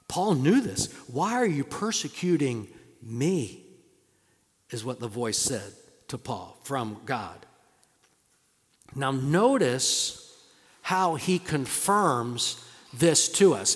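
A man preaching a sermon, shifting between loud questions and hushed, low lines with long pauses. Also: sing-song, big-room sound. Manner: slow, drawn-out delivery with dramatic pauses. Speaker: pastor.

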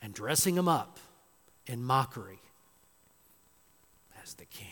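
A man's voice: mid-range voice, big pitch swings, a little slow, fairly bright tone. A male pastor preaching a sermon, dramatic and emphatic, firing off rhetorical questions. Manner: dramatic, rhetorical questions, acts out quoted voices. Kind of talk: expository sermon. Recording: long reverb of a large hall.

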